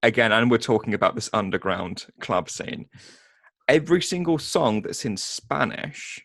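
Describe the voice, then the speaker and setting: Man, film podcast co-host, halting and sarcastic, dry recording. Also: mid-range voice, sing-song, gravelly, a bit bright, dry recording. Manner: hesitant, many ums and restarts, sarcastic. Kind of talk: casual film review chat.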